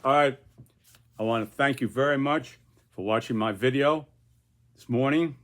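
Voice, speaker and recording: A man's voice: mid-range voice, normal speed, fairly bright tone. An older man who is a political cartoonist, talking through his cartoon in a rambling, casual way with many repeated restarts. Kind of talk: casual video commentary.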